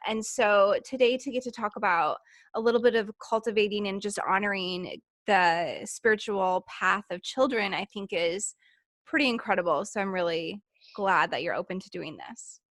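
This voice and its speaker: A woman's voice: mid-range voice, moderate pace, a bit bright, no room sound, clean studio sound. A woman hosting a podcast, chatting in an upbeat, enthusiastic way with many casual fillers. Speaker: podcast host. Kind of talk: casual interview chat.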